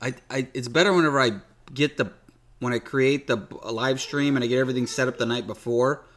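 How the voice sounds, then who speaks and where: A man's voice: medium pitch, a little fast, a bit bright. A man casually hosting a live stock trading stream, chatty and loose. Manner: loose, chatty, restarts sentences. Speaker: livestream host. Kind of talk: casual livestream chat.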